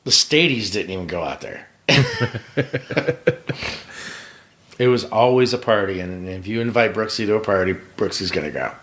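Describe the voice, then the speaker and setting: A man's voice: on the low side, lively intonation, moderate pace, pauses often, a bit bright. A man, a pit crew member, guesting on a podcast and telling rambling, profane stories, often laughing. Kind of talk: casual storytelling.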